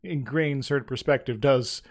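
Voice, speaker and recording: A man's voice: medium pitch, normal speed. A man co-hosting a casual podcast, speaking hesitantly with frequent fillers and chuckles. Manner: hesitant, many uhs and restarts, chuckles often. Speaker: podcast co-host.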